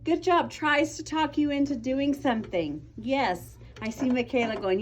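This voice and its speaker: A woman's voice: fairly high pitch, expressive, normal speed, hardly any pauses, a little hiss or hum. A young woman teaching a class of children, patient and encouraging, calling on pupils by name. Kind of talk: classroom vocabulary lesson.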